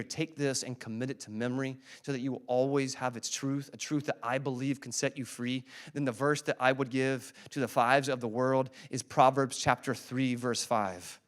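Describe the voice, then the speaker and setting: During a church service, a pastor with a mid-range voice preaches a conversational sermon. He slows down to stress scripture and asks the congregation to repeat after him.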